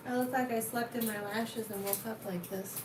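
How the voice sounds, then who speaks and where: A woman's voice: fairly high pitch, steady tone, normal speed, reverberant, distant mic. Chatty woman on a noisy live stream. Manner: chatty, teasing, talks to viewers. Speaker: truck driver live-streaming. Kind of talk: casual live-stream chat. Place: family home in Arizona.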